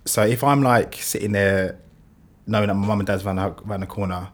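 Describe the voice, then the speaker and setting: A man's voice: fairly low pitch, steady tone, brisk. A man as an interview guest, telling his story in a rambling, casual way, full of "like" and swearing. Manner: rambling, heavy use of "like", swears. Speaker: interview guest, business founder.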